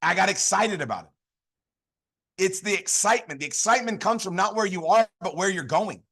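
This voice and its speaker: A man's voice: sits high, lively intonation, normal speed, gravelly, pushed and bright. Fired-up man giving a pep talk. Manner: fired up, emphatic, repetitive exhortations. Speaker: motivational speaker at sales training. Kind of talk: high-energy motivational talk.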